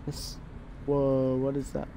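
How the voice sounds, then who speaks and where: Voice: mid-range voice, completely flat delivery, slow pace, creaky, warm tone, slight background noise. A let's play gamer, commentating a horror game in a jumpy way, talking to the game's characters. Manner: jumpy, talks to game characters, startled shrieks.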